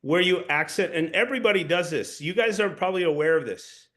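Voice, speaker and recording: A man's voice: high voice, a little fast, a bit bright. A man leading a sales coaching session, explaining points in an instructive way and often repeating or restarting phrases. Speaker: sales trainer.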